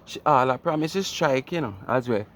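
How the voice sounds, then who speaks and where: A man's voice: medium pitch, animated, fairly quick, fairly bright tone, slight background noise. A Jamaican man explaining his point in casual commentary, lecturing and asking rhetorical questions.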